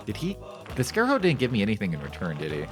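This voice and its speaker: A man's voice: fairly low pitch, wildly swooping pitch, very fast, over music. A male streamer giving casual, joking commentary while playing a game, rambling and reading game text aloud. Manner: repeats phrases in shifting voices.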